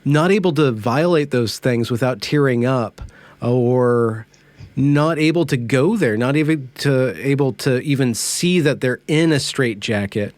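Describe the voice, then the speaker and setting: A man hosting a conversation podcast, speaking thoughtfully and searching for words with many pauses and fillers. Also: mid-range voice, a little mellow, no room sound. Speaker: podcast host. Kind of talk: casual conversation.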